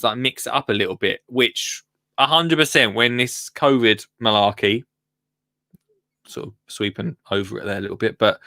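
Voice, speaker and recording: A man's voice: medium pitch, sharp tone, dry recording, clean studio sound. Chatty man hosting a live show. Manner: chatty, rambling, jokey, self-interrupting. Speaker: host of a live gardening show. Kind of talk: casual live-stream chat.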